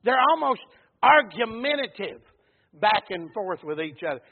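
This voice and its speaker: A man with a drawl preaches a folksy sermon, his high, husky voice rising to near shouts and sinking back down. The recording is thin and phone-like. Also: sing-song, normal speed. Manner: folksy, repeats words, swells to shouts and drops low.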